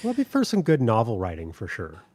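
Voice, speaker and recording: A man's voice: on the low side, huge pitch swings, quick pace, darkish tone, slight background noise. A man co-hosting a casual talk show, stuffy-nosed from a cold, making wry asides. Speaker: podcast co-host. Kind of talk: casual chat.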